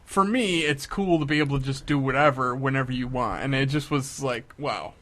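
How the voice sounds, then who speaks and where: A young man co-hosting a podcast chats casually, telling a story in a mid-range voice at a fairly quick pace. He is an animated storyteller who acts out quotes with lively energy.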